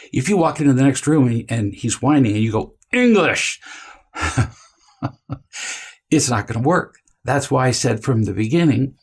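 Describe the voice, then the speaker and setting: Slow, gravelly man coaching parents. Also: medium pitch. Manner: calm, deliberate, coaching tone with drawn-out emphasis. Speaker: parenting teacher. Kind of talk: instructional talk to camera.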